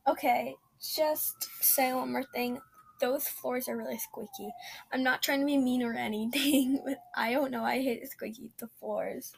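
A woman's voice: sits high, fairly even intonation, measured pace, vocal fry, a little hiss or hum. A woman hosting a podcast, making chatty, blunt, offhand comments as she reacts to a video.

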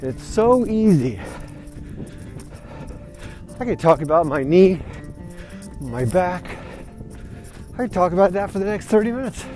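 A man's voice: sits high, very animated, unhurried, long pauses, mellow, soft background music. A man hosting his own vlog, chatting outdoors while he walks, slightly out of breath, rambling and upbeat. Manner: rambling, upbeat, repeats "you know what". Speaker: vlog host. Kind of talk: casual motivational talk. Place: outdoors, walking or running.

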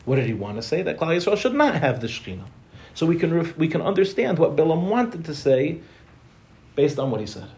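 Lively man teaching a Torah class. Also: a little high. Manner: quick, joking, asks rhetorical questions.

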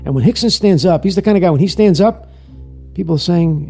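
A man in an interview thinks back with wry self-questioning. His voice is high, gravelly and husky, with a dark tone. Faint music plays behind. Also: fairly quick. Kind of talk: reflective recollection.

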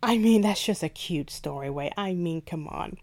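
A woman's voice: lowish voice, moderate pace. A woman hosting a book review podcast, chatting animatedly as she retells a favorite scene and reads ad copy. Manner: chatty, animated retelling with playful quoted asides. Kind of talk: casual book review with ad read and read-aloud passage.

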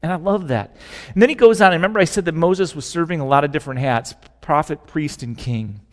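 A middle-aged man, a pastor preaching a sermon in a conversational, animated way, his volume rising and falling as he talks. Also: a little high, fast talker. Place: large church sanctuary. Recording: live church recording with long hall reverb.

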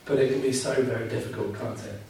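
A man's voice: mid-range voice, steady tone, fast talker, dark tone, slight background noise. A man preaching a sermon, earnest and emphatic, driving home key phrases by repeating them. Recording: very echoey room, mic at a distance.

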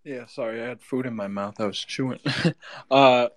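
A man's voice: mid-range voice, moderate pace. A man speaking casually in a tired, hesitant way. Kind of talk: casual chat.

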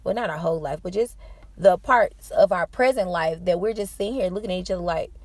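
A young woman hosting a podcast, telling a story in a casual, animated way, cursing freely and jumping up into excited exclamations. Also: a little fast, no echo. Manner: animated, profane, jumps to high excited exclamations. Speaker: podcast host.

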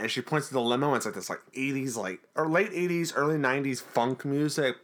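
A man's voice: mid-range voice, brisk, few pauses, fairly bright tone. A man co-hosting a podcast, casually recapping a TV episode in a jokey, rambling way. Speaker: podcast co-host.

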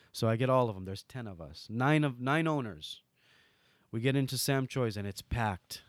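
A man's voice: lowish voice, fairly quick, no echo. A middle-aged man from Hawaii telling stories as an interview guest, acting out quoted dialogue in casual talk. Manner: animated, acts out quoted dialogue. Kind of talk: casual storytelling.

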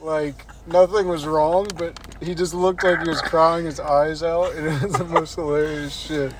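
A man's voice: on the high side, moderate pace, heavy background noise. A man casually recounting basic training stories, swearing freely and laughing. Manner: profane, laughing, relaxed storytelling. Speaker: army veteran telling stories. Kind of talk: casual storytelling chat.

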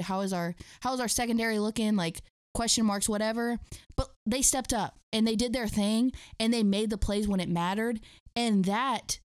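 Excitable woman, high dry voice. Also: dry recording. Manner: enthusiastic fan, rambling restarts. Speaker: sports podcast co-host. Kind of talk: casual sports chat.

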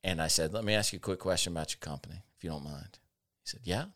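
Man, very low voice, casual chat host, sardonic storyteller, laughs a lot. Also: fast talker. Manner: sardonic, animated anecdotes, laughs often. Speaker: podcast host.

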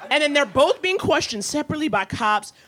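A woman with a high, bright voice tells a comic story on a podcast. She is animated and swears freely. Her talk is quick to jump into other people's voices. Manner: profane, lively, slips into voices for the people in her stories. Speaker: podcast co-host.

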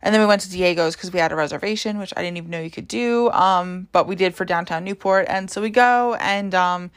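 Speaking fairly low and a little fast, this young podcast host tells a relaxed story. She's chatty, leaning heavily on fillers like "like" and "um."

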